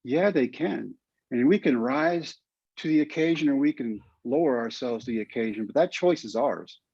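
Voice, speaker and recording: A man's voice: medium pitch, moderate pace, gravelly, darkish tone, husky, no room sound. Older Texan man telling an earnest story. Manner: emotional, earnest storytelling with quoted asides. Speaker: guest, former pitcher and teacher. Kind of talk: storytelling in a podcast interview. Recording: dull, lo-fi, dry sound.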